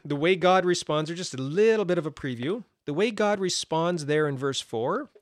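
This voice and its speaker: A man's voice: fairly high pitch, moderate pace, no room sound, clean studio sound. Emphatic man teaching a Bible study. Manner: animated, emphatic with repeated stresses and brief laughs; restarts and fillers, conversational asides.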